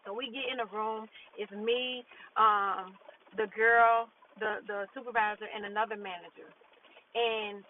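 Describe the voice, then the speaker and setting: Blunt woman ranting on tinny audio. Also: on the high side. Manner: blunt, profane, frustrated, retelling with quoted dialogue. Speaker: vlogger. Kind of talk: casual storytelling rant. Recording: tinny phone-like audio with faint noise.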